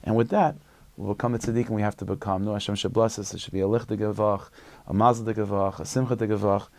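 A man, a religious teacher, telling a story as a short sermon in a conversational, halting way with many restarts. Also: lowish voice, gravelly, a little mellow, no echo.

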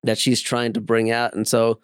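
A man's voice: mid-range voice, completely flat delivery, normal speed, clean tone, dry recording, studio quality. A man in his thirties chatting casually, candid and awkward, with many fillers. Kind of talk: casual chat.

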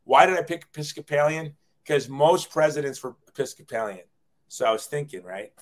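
A man's voice: fairly high pitch, expressive, fairly quick. A man in his forties, a guest telling his life story in a casual, self-deprecating way, often acting out quoted dialogue.

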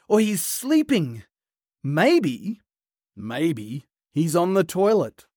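Guy telling a bible story for kids, lively, kinda high voice, dry close sound. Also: dry recording. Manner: animated, playful, with sudden hushed pauses. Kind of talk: retelling a Bible story for children.

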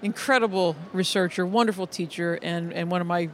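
A middle-aged man with a notably high-pitched speaking voice, talking as a music educator in an interview. He tells stories earnestly, often restarting and repeating words. Faint noise hums behind him. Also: steady tone, fairly quick. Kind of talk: conversational interview storytelling.

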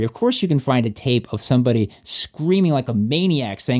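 A man's voice: medium pitch, expressive, brisk, hardly any pauses, darkish tone. A man talking in a casual, opinionated chat, emphatic and cursing often as he acts out quoted voices.

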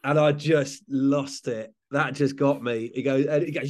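A man's voice: mid-range voice, steady tone, unhurried. An English man, a comedian, chatting in an interview, rambling and restarting with frequent laughs. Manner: rambling, self-correcting, laughs often. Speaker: comedian guest. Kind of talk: casual interview chat.

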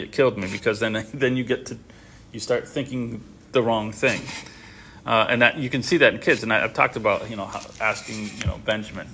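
A man in his thirties leading a casual group Bible discussion, rambling and animated, with frequent restarts. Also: mid-range voice, slight background noise. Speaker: Bible study leader.

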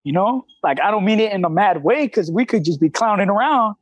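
A man in his thirties with a high voice, talking in a candid, streetwise way full of slang and cussing. The sound is dry and close, with no room around it. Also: lively intonation, fairly quick, no echo, highs cut off. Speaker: CrossFit coach, guest. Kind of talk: casual interview talk.

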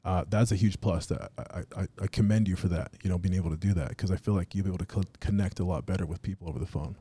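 A man's voice: sits low, rapid-fire, warm tone, husky. A man in his thirties chatting casually on a podcast, laid-back and filling his talk with "dude" and "you know what I mean.".

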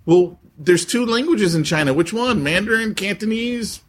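A male podcast co-host trades quick, playful jokes, his voice bouncing through a wide pitch range. A faint layer of noise runs behind him throughout. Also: expressive. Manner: playful, bantering. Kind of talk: casual chat.

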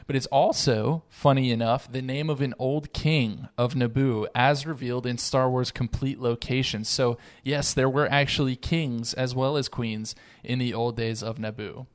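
A man's voice: medium pitch, steady tone, normal speed, hardly any pauses. A man co-hosting a podcast, casually reading book excerpts aloud and often laughing. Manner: reads quotes aloud, breaks into laughter. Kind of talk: casual chat.

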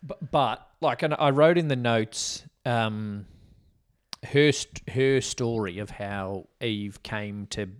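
A man's voice: mid-range voice, takes it slowly, smooth. Talkative man on a film podcast. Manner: talkative, questioning, acts out quotes playfully. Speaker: podcast co-host. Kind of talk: casual film discussion chat.

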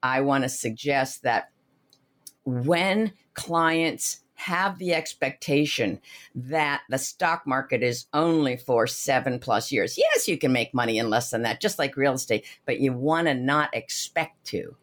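A woman's voice: extremely low pitch, unhurried. A woman, a financial advisor being interviewed, explaining with energy and everyday analogies. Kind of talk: animated interview talk.

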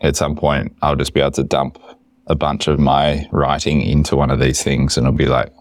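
A man co-hosting a podcast in casual chat, playful, with quick reactions. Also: rumbling low, little pitch movement, dry recording. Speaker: podcast co-host.

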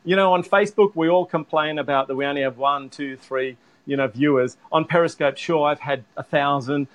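An Australian man, a livestreamer guest, chatting on a panel in an enthusiastic, emphatic way. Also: on the high side. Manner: enthusiastic, emphatic, quick bursts of laughter. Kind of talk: casual panel chat.

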